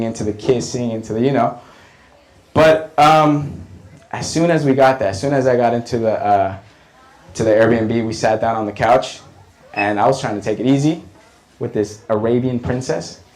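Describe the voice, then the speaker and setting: Guy doing a comic story, animated and profane, repeats lines for punch. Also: mid-range voice, low-quality recording. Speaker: comedian. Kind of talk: stand-up storytelling.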